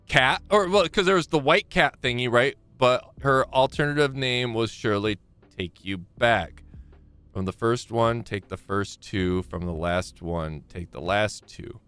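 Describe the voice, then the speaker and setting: A man streaming a game live, chatting to himself and haltingly reading letters aloud with frequent fillers and restarts. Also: medium pitch, lively intonation, a bit bright, clean tone, faint music behind. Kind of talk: live gameplay commentary.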